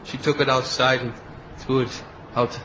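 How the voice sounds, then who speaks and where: Here a man with a mid-range, fairly bright voice delivers flatly at a normal speed. As a spiritual teacher in a devotional class, he tells a story from opening to close and performs the characters' quoted speech. The sound quality is lo-fi and dull, with a faint hiss.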